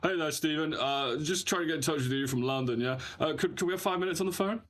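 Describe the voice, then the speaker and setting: A man's voice: fast talker, a bit bright, lightly acted. A man putting on a chirpy posh London caller. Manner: chirpy, high, overly polite phone voice. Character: posh male London newspaper caller, eager.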